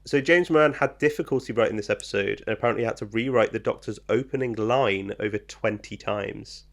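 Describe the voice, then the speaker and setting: Gravelly-voiced man co-hosting a podcast. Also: lowish voice, brisk. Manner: reads trivia with many ums, joking. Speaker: podcast co-host. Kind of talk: casual chat.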